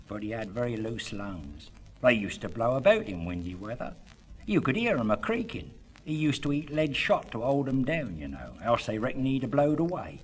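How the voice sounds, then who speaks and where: A man's voice: mid-range voice, big pitch swings, normal speed. A man with a rural southern English accent spinning comic country yarns in a drawling dialect monologue, with chuckling asides.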